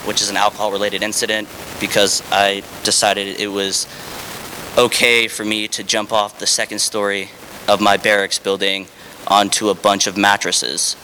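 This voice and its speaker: A man's voice: fairly low pitch, pushed and bright, big-room sound, slight background noise. A man, a former Marine, candidly telling his own story with fillers and dry, self-deprecating humor.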